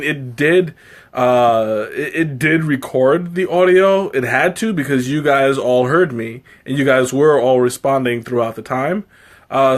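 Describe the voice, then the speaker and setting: A man hosting a casual live tea-tasting stream, chatting to his viewers in a rambling, self-interrupting way, laughing often and teasing himself. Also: mid-range voice. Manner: playful, self-mocking.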